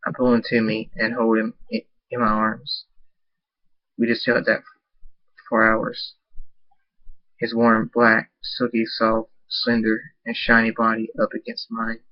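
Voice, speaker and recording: A man's voice: on the low side, completely flat delivery, unhurried, no room sound. A man narrating his own fan story aloud in an unpolished reading that stumbles over words. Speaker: amateur fan-fiction narrator. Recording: dull lo-fi dry recording.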